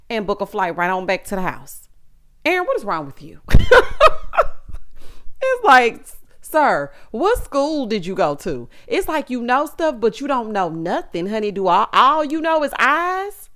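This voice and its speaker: Sassy animated Southern woman. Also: a little high. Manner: sassy, animated, lots of asides to viewers. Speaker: recap vlogger. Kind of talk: casual show recap.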